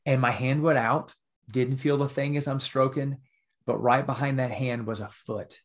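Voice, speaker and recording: A man's voice: medium pitch, fairly even intonation, normal speed. A middle-aged man, an author and podcast guest, telling an emotional story in an earnest way, often adding "right?" as he goes.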